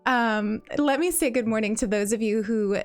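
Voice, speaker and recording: A woman's voice: on the high side, moderate pace. A woman hosting a livestream in casual chat. She greets viewers in a bubbly way, repeats her phrases and laughs often, and has a slight morning cough. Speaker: livestream host.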